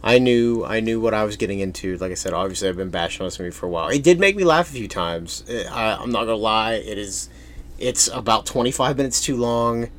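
A man's voice: lowish voice, quick pace, a bit bright. A man co-hosting a casual movie review chat, opinionated and wry, fond of acting out scenes. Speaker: podcast co-host reviewing a movie.

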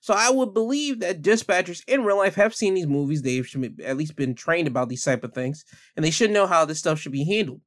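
A man's voice: a little high, animated, a little fast, a bit bright, no echo, studio quality. A man giving a blunt, heated opinion rant as a commentator, speaking emphatically.

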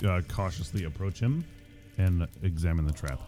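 A man playing a tabletop game, deliberate and bold. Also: deep voice, mellow, soft background music. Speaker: player.

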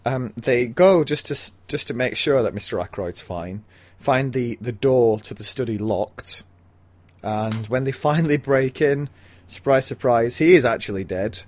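A man's voice: mid-range voice, unhurried, darkish tone. A man co-hosting a casual book podcast, summarizing the plot with dry understatement. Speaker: podcast co-host.

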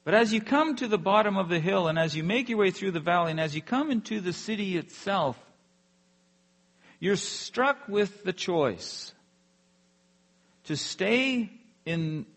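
Earnest preacher man with a slightly high voice. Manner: earnest, drops softly at phrase ends. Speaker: pastor. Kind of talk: sermon.

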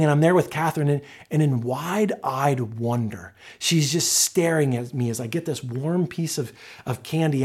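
Earnest breathy pastor preaching. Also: male voice, high voice. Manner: earnest storytelling, builds to loud exclamations then drops soft. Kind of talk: sermon.

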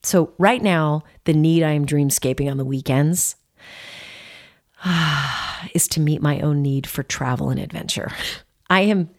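A woman's voice: low-pitched, unhurried. A woman in her late forties giving a motivational self-help talk, earnest and playful, stretching words out for emphasis. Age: 40s.

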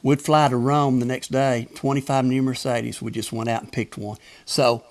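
A man's voice: medium pitch, normal speed, darkish tone. An older man with a Southern Alabama accent, a former tennis umpire telling chuckling, folksy anecdotes in casual conversation. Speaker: retired tennis umpire guest. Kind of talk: casual storytelling.

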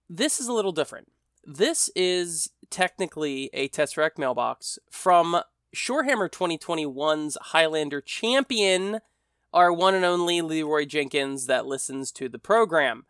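A man's voice: on the high side, animated, moderate pace, a bit bright, dry recording, studio quality. An American man hosting a podcast, talking in a rambling, conversational way that often corrects itself mid-sentence. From United States. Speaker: podcast host. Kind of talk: casual monologue podcast.

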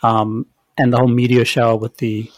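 A man's voice: medium pitch, level tone, a little fast, no room sound. A man hosting a podcast, reviewing a TV series in casual, chatty talk full of fillers and hedges. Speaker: podcast host.

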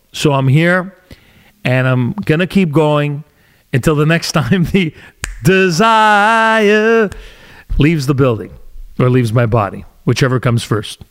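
A man's voice: on the high side, sing-song, a little slow, a bit bright. A middle-aged Canadian man hosting a solo podcast, rambling and sarcastic, often restarting his sentences. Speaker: podcast host.

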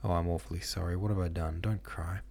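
A polite, somewhat awkward young man, quick to apologize, read by a man in his own voice. The voice is deep, husky and dark, with a quiet manner. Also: steady tone, exaggerated voice. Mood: apologetic.

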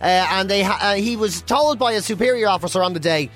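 A man co-hosting a radio chat show who tells stories in a jokey, animated way. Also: high-pitched, quick pace, faint music behind. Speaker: radio co-host. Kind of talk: casual chat.

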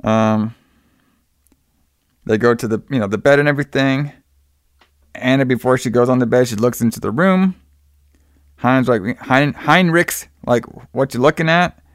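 A man recounts a film's story loosely during a casual conversation, using plenty of fillers and quoting characters as he goes. His voice is smooth, resonant, and of ordinary pitch, at a moderate pace with long pauses. The audio is dry and close, with no room sound.

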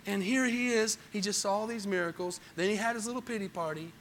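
A male pastor preaching with a high, bright, cutting voice. He drops to a hushed storytelling tone, then surges into loud, emphatic preaching, turning often to the congregation with questions. A faint hum of room noise sits behind him. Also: quick pace. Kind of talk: sermon.

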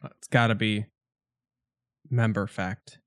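A man's voice: lowish voice, little pitch movement, slow, fairly bright tone, no room sound, studio quality. A man co-hosting a casual podcast, joking and teasing his co-host. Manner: jokey, teasing banter.

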